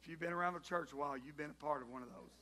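A male pastor, preaching a sermon as an animated storyteller who jokes with the congregation. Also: a little high, rapid-fire.

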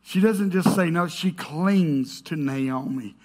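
A male pastor preaching a sermon to his congregation. He is emphatic, rises to shouts, then drops to a hush. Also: on the high side, takes it slowly. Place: church stage before a congregation.

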